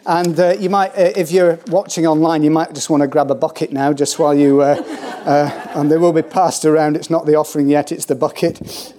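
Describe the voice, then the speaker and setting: A man preaching a sermon in a church, joking and laughing often, with halting fillers. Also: a little high, level tone, dark tone. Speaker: pastor. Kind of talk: humorous sermon.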